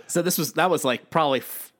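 A man in his thirties co-hosting a podcast, telling stories in a lively, chatty way with plenty of fillers. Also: fairly high pitch, slight background noise. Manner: animated storytelling with many fillers. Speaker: podcast co-host. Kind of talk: casual chat.

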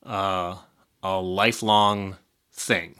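A man's voice: deep voice, fairly even intonation, extremely slow, sharp tone, clean tone. A man co-hosting a podcast, short of breath, talking candidly in casual chat and swearing now and then. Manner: candid, swearing, laughing through hard news. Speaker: podcast co-host.

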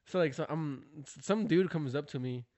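A man telling a comedy-club story in casual chat, animated and swearing, acting out quotes. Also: fairly high pitch, normal speed, no room sound. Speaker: stand-up comedian, podcast co-host.

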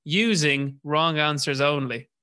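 A man hosting a casual podcast interview, relaxed as he reads out listener questions to his guest. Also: on the high side, a little slow, smooth. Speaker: podcast host.

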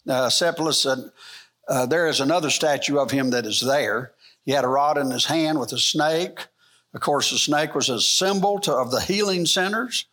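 A man's voice: on the high side, a bit bright. Man teaching a church Bible lesson. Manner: rhetorical questions, rising emphasis; rambling, frequent fillers and restarts.

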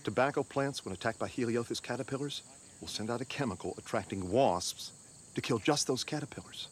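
Man playing a fast-talking plant explainer. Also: medium pitch, slight background noise, close to an everyday voice. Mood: explaining. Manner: rapid, lecturing delivery. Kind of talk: film dialogue.

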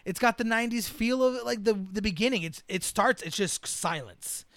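High-voiced man retelling a movie. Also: normal speed, no echo. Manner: animated retelling, acts out scenes, swears freely. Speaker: podcast co-host. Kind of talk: casual movie review chat.

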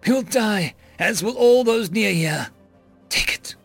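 A man's voice: high-pitched, animated, slow pace, gravelly, breathy edge, faint music behind, pitched above the performer's own voice, heavily acted. A man voicing an imperious vengeful female spirit. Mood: urgent. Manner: commanding, scornful.

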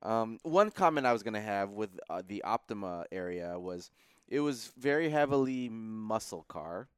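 Podcast cohost guy chatting about cars, keeps saying yes, smooth clear voice, dry close mic. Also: on the low side, animated, normal speed, no echo. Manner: agreeable, frequent short affirmations. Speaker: podcast co-host. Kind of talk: casual chat.

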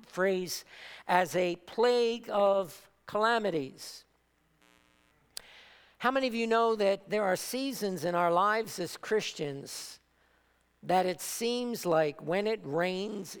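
A woman preaches in a slow, deliberate sermon, stacking emphatic repeated phrases. Her voice has a gravelly edge, and it rings out with the long reverb of a large hall. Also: medium pitch. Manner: emphatic, repetitive preaching cadence.

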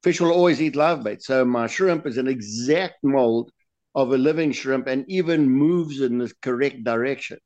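A man's voice: mid-range voice, moderate pace, a little mellow, dull audio. A man with a South African accent, a lure designer talking as a guest on a podcast interview, chatty and often repeating words as he searches for them.

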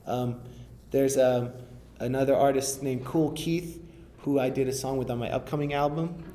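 Rapper guy chatting in an interview, mellow warm tone, bit of noise behind, keeps restarting his sentences. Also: mid-range voice, fairly even intonation, moderate pace. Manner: rambling, restarts often, enthusiastic. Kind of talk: casual interview conversation.

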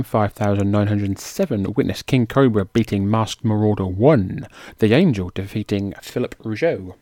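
A man's voice: fairly low pitch, mellow, no echo, studio quality. A man hosting a podcast in a chatty, self-mocking way, now and then tripping over names. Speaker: podcast host. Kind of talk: casual podcast narration.

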